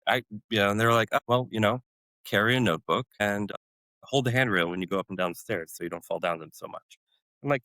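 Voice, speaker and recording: Low-voiced man telling animated war stories. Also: brisk, pauses often, dry recording, rough recording. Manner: animated storyteller, acts out his own past outbursts. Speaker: podcast guest, former special forces medic. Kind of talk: storytelling interview.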